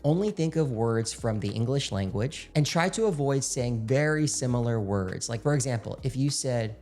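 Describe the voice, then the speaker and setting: Energetic guy coaching speech drills, mellow warm tone, soft music under it. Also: mid-range voice, creaky. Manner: energetic, drills tongue-twister syllables rhythmically. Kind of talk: instructional video.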